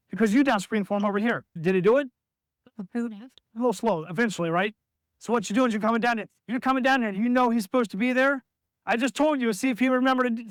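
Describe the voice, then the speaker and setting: A man with a high voice running a basketball practice, recorded close and dry. He calls out drills and instructions and breaks into the shouts he wants his players to use on the court. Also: no echo. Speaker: basketball coach. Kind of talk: coaching at practice.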